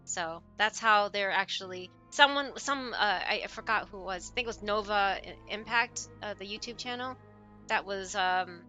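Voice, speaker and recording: A woman streaming a game live, reacting excitedly and rambling with many restarts. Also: medium pitch, normal speed, soft background music. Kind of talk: casual live-stream commentary.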